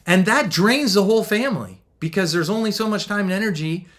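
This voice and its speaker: In this motivational talk, a middle-aged man with an unusually high male voice coaches couples on faith and marriage. Upbeat and bouncy, he laughs a lot and slips into quick impressions when quoting others.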